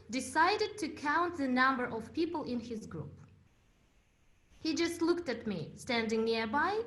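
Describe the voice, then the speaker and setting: With a voice that sits high and a fairly bright tone, a young woman from Uzbekistan whose first language is Russian tells her story in a prepared English contest speech. She uses dramatic pauses throughout.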